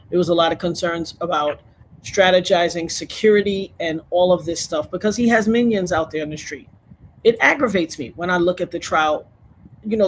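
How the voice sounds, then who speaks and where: A woman's voice: on the low side, slight background noise. A woman guest in an interview, talking in an outspoken, emphatic way. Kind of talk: animated interview talk.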